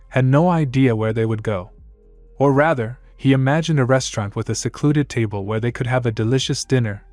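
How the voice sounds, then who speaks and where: Man narrating fan fiction, steady. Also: mid-range voice, no room sound.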